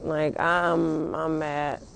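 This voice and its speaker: A woman's voice: low-pitched, flat delivery, extremely slow, gravelly, fairly bright tone. A young woman venting casually and angrily on a phone livestream outdoors, swearing often and rambling with many fillers.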